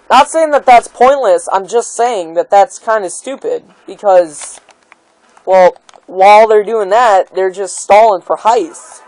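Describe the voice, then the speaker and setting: A woman's voice: medium pitch, darkish tone, low-quality recording. A woman giving a heated opinion rant about a video game, full of exasperation and many "like" and "um" fillers. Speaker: gaming video maker.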